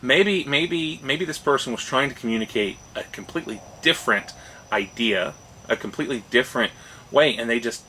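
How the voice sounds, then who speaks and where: A man's voice: medium pitch, brisk, sharp tone, slight background noise, low-quality recording. A man co-hosting a casual discussion show, talking thoughtfully and often checking in with "right?". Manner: thoughtful, restarts phrases, rising "right?" checks. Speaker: podcast co-host.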